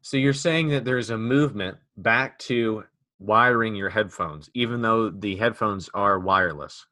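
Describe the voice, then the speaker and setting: Male podcast host, low-ish bright voice, dry close sound, rambling jokey delivery. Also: a little slow, dry recording. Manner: joking, rambling, with restarts. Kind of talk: casual chat.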